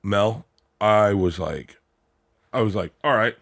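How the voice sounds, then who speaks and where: A man hosting a podcast, telling animated stories with plenty of swearing and acted-out quotes. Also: fairly low pitch, slow pace, vocal fry. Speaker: podcast host. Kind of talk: casual podcast chat.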